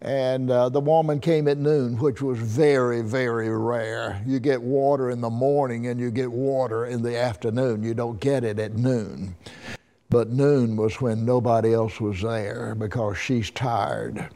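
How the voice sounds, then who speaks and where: A man with an Alabama accent teaching a Bible lesson in a folksy, halting way, often repeating his words. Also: mid-range voice, fairly even intonation, warm tone.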